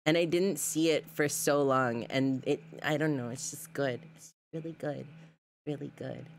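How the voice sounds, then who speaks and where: Low, unhurried woman streamer chatting. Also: animated, vocal fry, slight background noise. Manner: chatty, gushing, reads chat aloud. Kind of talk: casual live-stream chat.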